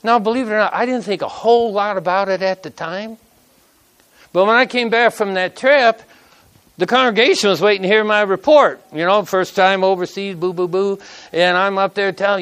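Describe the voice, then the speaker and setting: A middle-aged man preaches a sermon in a high-pitched, clear, resonant voice that is fairly bright, with fairly even intonation and a moderate pace. He earnestly reads scripture aloud and tells a personal story with emotion.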